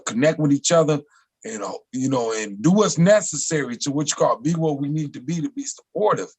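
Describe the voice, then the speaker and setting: A man's voice: medium pitch, breathy edge, rough recording. A man in his forties talking casually and reflectively on a video call. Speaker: guest. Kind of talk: casual chat.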